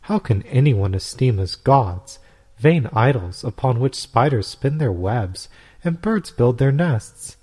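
A man reading aloud, voicing a calm, authoritative young woman saint who argues firmly and rhetorically. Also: mid-range voice, slow, breathy edge. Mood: firm conviction. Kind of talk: storybook reading.

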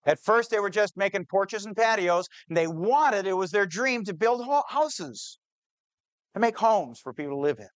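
A man telling a true-to-life story to an audience, slowing down on key details and voicing the people in it. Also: sits high, lively intonation, no room sound. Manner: shifts pace, slows on key details, plays the people in the story. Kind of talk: dramatic spoken storytelling.

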